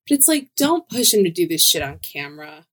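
A woman's voice: lowish voice, sing-song, brisk, husky. A woman co-hosting a podcast, chatting bluntly and casually, with laughter and swearing. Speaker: podcast co-host.

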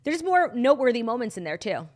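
A woman's voice: a little high, very animated, fast, darkish tone. A woman co-hosting a podcast, giving opinionated and sarcastic takes in casual pop culture chat, with casual swearing. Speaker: podcast co-host.

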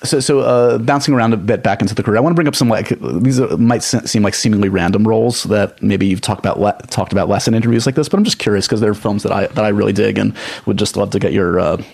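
Man, podcast host, rapid talk, fry in the voice, rambling questions. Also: lowish voice, darkish tone. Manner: rambling questions with many restarts and fillers. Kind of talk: casual interview.

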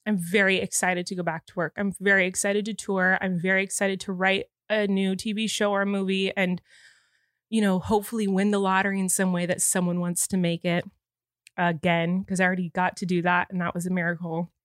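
This podcast host, a woman in her thirties, speaks a little fast in a mid-range voice with a level tone. She's teary and emotional, and her casual talk rambles earnestly with many restarts. The indoor studio recording is clean, with no room sound.

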